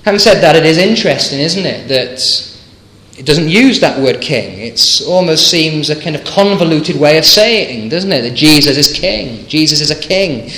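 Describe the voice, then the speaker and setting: A man delivering a sermon, building to fervent, emphatic peaks and leaning on rhetorical tag questions. His voice sits a touch high for a man. It rings out through a roomy, echoing church. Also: animated, moderate pace, pushed and bright. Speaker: preacher.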